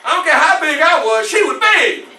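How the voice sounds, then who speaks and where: A male reenactor playing a formerly enslaved man who recounts his youth in an animated one-man stage show, shouting at tense moments, in a library room. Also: very high-pitched, normal speed, full character voice. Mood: intense. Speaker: historical reenactor. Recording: roomy library room, mic far off.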